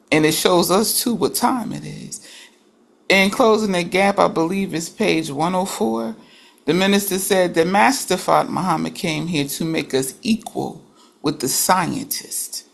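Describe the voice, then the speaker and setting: A woman speaks slowly in a religious study group, her voice carrying a gravelly edge. She reflects aloud, restarting sentences as she works through her thoughts in relaxed discussion. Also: fairly low pitch.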